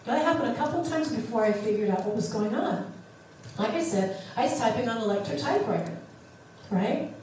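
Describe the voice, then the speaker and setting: A middle-aged woman therapist talks animatedly, acting out the voices she quotes. Her voice sits a little high. She is recorded from off the mic in a very echoey room with faint background noise. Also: expressive, brisk, a little mellow, far from the mic. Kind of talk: teaching talk on self-talk.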